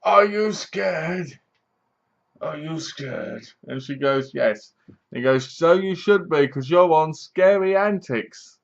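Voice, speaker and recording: Man, casual rambling film review, mid pitch, muffled lo-fi recording. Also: fairly bright tone. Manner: rambling, chatty, with restarts and asides. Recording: dull lo-fi home recording.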